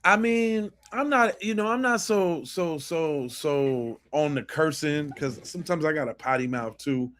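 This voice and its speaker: A man's voice: fairly high pitch, a little slow, few pauses. A man hosting a podcast, reacting to clips with emphatic, profane commentary. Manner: animated, emphatic, swears freely. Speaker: podcast host.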